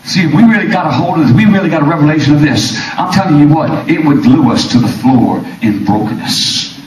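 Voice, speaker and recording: A man preaching a fiery sermon, swinging from shouts to hushed lines and repeating words as he builds. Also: fairly high pitch, expressive, fairly quick, slight background noise. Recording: very echoey room, mic far off.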